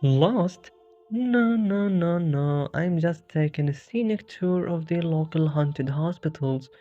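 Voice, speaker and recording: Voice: mid-range voice, takes it slowly, natural voice. Narrator doing a jittery wisecracking horror hero, sarcastic, game parody, lo-fi. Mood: flustered. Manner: sarcastic, self-mocking quips. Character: wisecracking bewildered male hero lost in a horror town. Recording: dull lo-fi with faint music.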